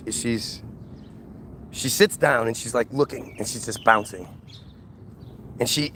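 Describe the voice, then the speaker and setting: A man's voice: medium pitch, vocal fry, fairly bright tone, a little hiss or hum. A man talking in a heated, casual monologue, mocking and contemptuous as he rants. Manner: ranting, repetitive restarts.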